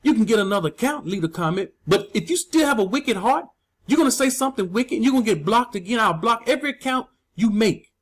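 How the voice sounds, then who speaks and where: A man's voice: high voice, expressive, quick pace. A man preaching to his online channel audience, emphatic and scolding, repeating his points.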